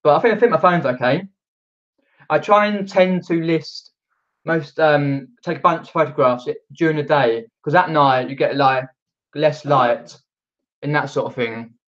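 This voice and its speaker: A man's voice: a little high, normal speed, fairly bright tone, highs cut off. A man from just outside London with a Mockney accent, chatting casually on a live stream and reading out viewer comments, rambling with lots of fillers. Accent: Mockney, outer London. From England.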